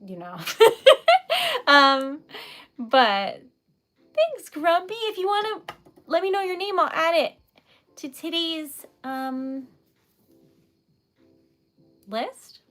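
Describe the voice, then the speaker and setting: A woman's voice: high voice, very animated, takes it slowly, pauses often, sharp tone, faint music behind. A young woman from New England chatting casually with live viewers, emotional and giggly, rambling with lots of fillers. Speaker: livestream host, poet.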